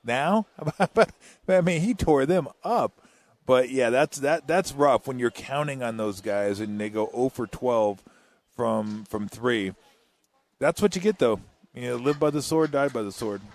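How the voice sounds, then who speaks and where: A male basketball analyst chatting after the game, full of dry jokes and lively stories. He talks casually and laughs easily at his own tales. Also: medium pitch, a little slow. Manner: jokey, animated storyteller with laughs. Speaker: color analyst. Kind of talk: postgame broadcast chat.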